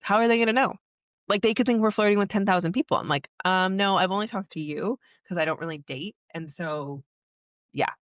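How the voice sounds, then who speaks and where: A woman's voice: lowish voice, brisk, no room sound, studio quality. Candid young woman telling a personal story. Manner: candid, emotional, heavy use of "like". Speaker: podcast host.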